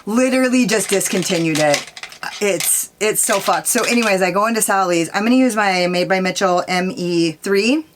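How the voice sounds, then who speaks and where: A woman's voice: medium pitch, moderate pace, noisy background. Woman makeup vlogger, casual and rambling, swears freely, mid-range voice. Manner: rambling, profane, peppered with "like" and "dude". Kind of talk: casual storytelling while doing makeup.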